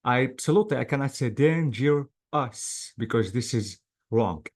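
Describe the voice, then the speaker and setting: A man's voice: mid-range voice, lively intonation, quick pace, husky. A male English teacher giving an online class lecture, patiently drilling words syllable by syllable.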